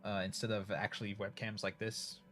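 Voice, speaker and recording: Speaking fairly quickly in a lowish, slightly bright voice with little pitch movement, a middle-aged man streams to viewers. His Northern US accent colors a rambling, casual chat packed with fillers and restarts, over faint background music.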